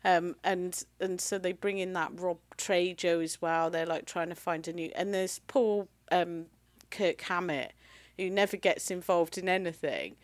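A woman telling rock-and-roll anecdotes in a loose, giggly chat. Her voice sits at an ordinary middle pitch and sounds dry and close, with no room around it. She breaks into laughter and swears as she talks. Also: fairly even intonation, a little slow, no echo. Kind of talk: casual chat about rock music.

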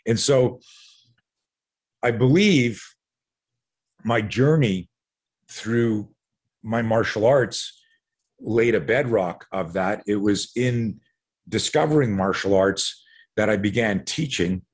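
Older Canadian man, animated storyteller. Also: lowish voice, slow pace, pauses often, breathy edge. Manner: lively, acts out other people's voices, repeats words mid-sentence. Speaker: podcast guest.

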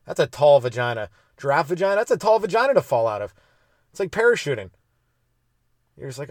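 With a slightly high, sing-song voice, this comedian talks quickly in a recording free of room sound. Hosting his podcast solo, he rambles through loose riffs on his own jokes, swearing, laughing at himself, and trying on silly voices.

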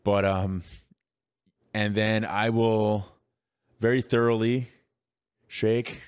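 A man's voice: fairly low pitch, level tone, slow, clean tone. A man co-hosting a casual podcast chat, rambling with many fillers and restarts and laughing easily. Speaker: podcast co-host.

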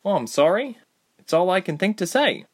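A man voicing a fierce, fiery young woman in an audiobook, high and urgent. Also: big pitch swings, moderate pace.

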